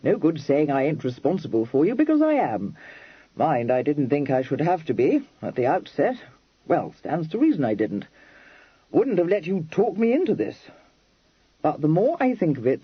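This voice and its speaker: Heavily acted and a bit high-pitched, a man's husky voice brings a blunt young Regency dandy to life in an audiobook. He snaps off slangy lines with lively rises and falls, and the recording is dry and dull.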